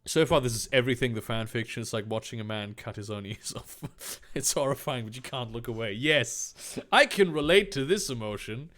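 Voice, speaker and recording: A man reading a story aloud for comedy, breaking off for sarcastic, deadpan asides. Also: medium pitch, moderate pace. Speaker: fanfiction reader.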